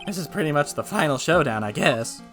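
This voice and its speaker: A man's voice: on the high side, lively intonation, a little fast, music in the background, close to an everyday voice. A man voicing a nervous young male defense lawyer who mutters anxious, wry asides. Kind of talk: fan voice-over of a game.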